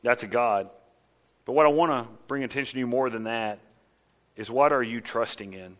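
A man's voice: medium pitch, moderate pace. A male pastor preaching a sermon, reading scripture aloud and then driving points home with emphatic repetition. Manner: emphatic, repeating phrases, rising to near shouts.

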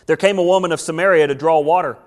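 Delivering a sermon, this male pastor leans on rhetorical questions and repetition, and he reads scripture in a slow, deliberate way. His pitch is fairly high, with fairly even intonation.

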